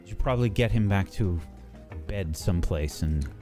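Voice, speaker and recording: Game master man, lively voice. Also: low-pitched, normal speed, soft background music. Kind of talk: narrating a tabletop game.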